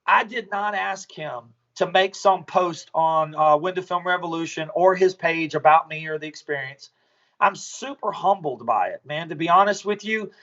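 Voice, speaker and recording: A man's voice: on the high side, normal speed, a bit bright, dull audio. A man, a business owner, talking bluntly and profanely as a podcast guest, telling stories casually.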